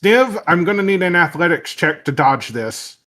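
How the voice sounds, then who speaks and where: A man narrating a tabletop game as game master, relaxed with frequent fillers. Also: high voice, moderate pace.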